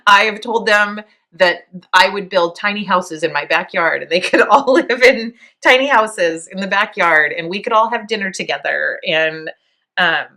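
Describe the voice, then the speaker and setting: A woman in her fifties hosting a podcast, speaking in a reflective, halting way, close to tears and laughing softly now and then. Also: mid-range voice. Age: 50s. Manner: soft, halting, near tears, with small laughs. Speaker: podcast host. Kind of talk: reflective personal monologue.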